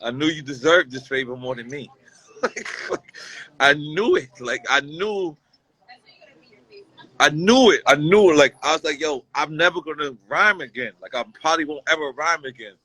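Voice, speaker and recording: A man talks as a guest on a conversation show and tells a personal story with plain emotion, circling back over the same phrases. His voice sits a little high and sounds bright and forward. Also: normal speed, poor audio. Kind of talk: casual heartfelt conversation.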